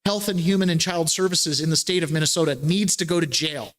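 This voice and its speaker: A man's voice: fairly high pitch, brisk, a bit bright. Chatty man hosting a talk podcast. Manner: chatty, rambling, laughs between points. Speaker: podcast host. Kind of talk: casual political talk.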